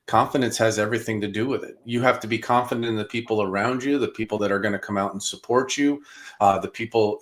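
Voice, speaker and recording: A low-pitched man hosting a casual podcast chat. He speaks in a halting way, stacking false starts and fillers before landing firmly on his point. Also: fairly bright tone. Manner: halting, with repeated restarts and fillers. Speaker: podcast host.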